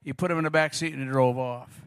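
A middle-aged male pastor preaching a sermon, telling stories with animated quoted voices. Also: mid-range voice, fast talker, clean tone, dry recording, studio quality. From Arizona.

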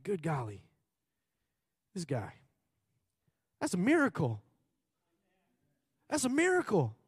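A man preaching a sermon in a church hall on a mic. He is loud and excitable and swings between shouting and quiet asides. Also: high voice, studio quality. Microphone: handheld or stage mic.

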